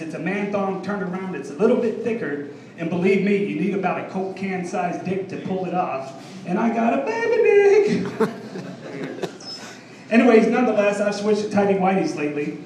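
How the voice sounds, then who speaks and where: A man's voice: high voice, a little mellow, a little hiss or hum. Brash stand-up man in echoey room. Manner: brash, crowd-teasing delivery with drawn-out punchlines. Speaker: stand-up comedian. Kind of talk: stand-up set. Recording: echoey room from far off, faint ambience.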